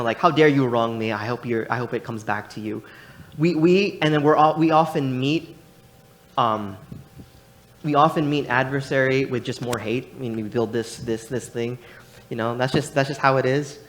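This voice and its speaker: A young man preaching a sermon in a church, animated and rambling, with many restarts and casual fillers. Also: a little high, a little hiss or hum.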